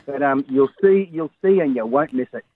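A man calling in as a radio guest, good-humoured and a bit halting. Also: mid-range voice, animated, husky, no echo. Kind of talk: casual radio chat. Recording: tinny phone line.

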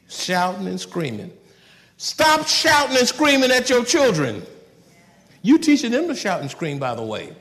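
A man preaching a sermon in a folksy, conversational way, swinging from loud outbursts to soft asides and laughing at his own jokes. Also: high-pitched, creaky, in a large hall. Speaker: pastor.

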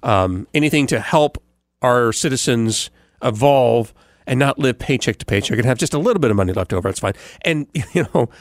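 A man who hosts a morning radio show talks through his daily recap in a loose, rambling way. He stops for fillers and restarts his sentences often. His voice is mid-pitched and sits on a dry, close mic. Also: animated, moderate pace, dry recording. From United States. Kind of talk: casual podcast recap monologue.

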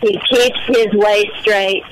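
A woman's voice: mid-range voice, steady tone, slow pace, noisy background. A woman phoning in to a radio show, talking in a chatty, rambling way from her porch in the rain. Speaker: caller. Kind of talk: phone-in call to a radio show. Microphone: phone.

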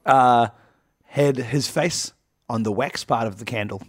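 A man's voice: medium pitch, a little slow, no room sound, clean studio sound. A man co-hosting a casual, comedic podcast chat, rambling through jokes and laughing often. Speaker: podcast co-host.

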